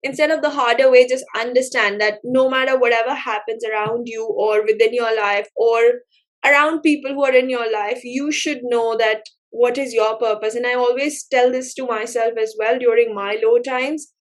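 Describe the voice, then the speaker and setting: A woman's voice: fairly high pitch, steady tone, moderate pace. A woman hosting an interview, asking reflective questions in an encouraging way. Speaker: interview host. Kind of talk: casual interview chat.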